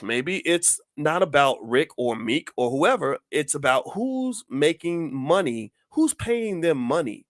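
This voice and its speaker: A man's voice: a little high, no room sound, clean studio sound. A man hosting his own channel, delivering an impassioned opinion monologue full of emphatic rhetorical questions. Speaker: channel host.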